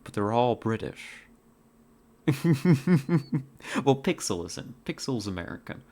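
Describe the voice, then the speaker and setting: A woman's voice: rumbling low, lively intonation, takes it slowly, mellow. A woman streamer chatting casually with her chat while playing a hunting game, rambling with many fillers and restarts.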